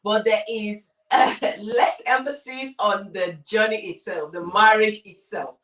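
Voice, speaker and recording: A woman's voice: medium pitch, unhurried, fairly bright tone, roomy sound, recorded from a distance. A woman lecturer co-hosting a relationship talk, speaking emphatically, repeating key words and speaking directly to viewers. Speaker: co-host and lecturer. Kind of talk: conversational discussion.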